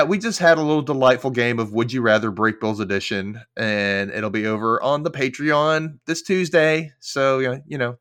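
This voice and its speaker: A man's voice: mid-range voice, a bit bright, no room sound, studio quality. A man hosting a TV rewatch podcast, chatting casually and recapping with playful jokes and frequent laughs. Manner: playful, jokey, laughs often. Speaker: podcast host. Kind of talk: casual chat and episode recap.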